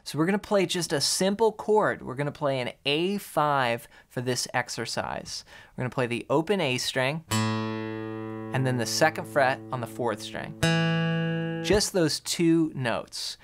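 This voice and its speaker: Guy teaching guitar online, counts beats out loud, some guitar music under him. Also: mid-range voice, animated, unhurried. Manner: counting rhythms aloud while playing. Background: guitar playing.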